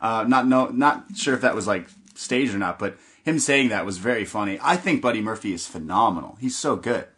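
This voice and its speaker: A man's voice: lowish voice, expressive, brisk, few pauses, fairly bright tone. A young man hosting a podcast who recaps a wrestling show in loose, jokey chat with the odd swear word. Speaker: podcast host.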